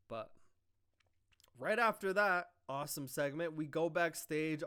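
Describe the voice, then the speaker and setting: A young man casually recapping a wrestling show, excitable and full of fillers and swearing. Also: mid-range voice, clear, resonant tone. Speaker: wrestling review host.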